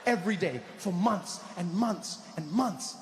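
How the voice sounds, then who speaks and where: A male stand-up comedian telling a story on a live stage, animated and acting out voices. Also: sits high, a little slow. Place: large live theatre. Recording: echoey hall with faint crowd noise.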